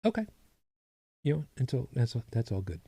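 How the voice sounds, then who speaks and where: A man's voice: medium pitch, sing-song, normal speed, gravelly, dark tone, husky, no room sound. A man co-hosting a podcast, chatting casually with a rambling, self-correcting manner and dry humor. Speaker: podcast co-host. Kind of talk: casual chat.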